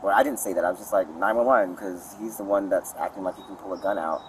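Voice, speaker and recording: A man's voice: deep voice, steady tone, fast. A man rambling to a police officer outdoors in a park, repeating himself, recorded from a distance on a body camera. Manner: rambling, repeats "literally" and "I was like". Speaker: suspect talking to police. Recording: distant body-cam audio, outdoor noise.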